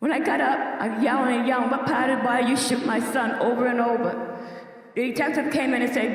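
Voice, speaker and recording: A woman's voice: fairly high pitch, distant mic. Grieving older woman in an echoey hall. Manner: slow, heavy, insistent, repeating herself. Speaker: bereaved mother speaking at a community meeting. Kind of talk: emotional public testimony. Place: public meeting hall.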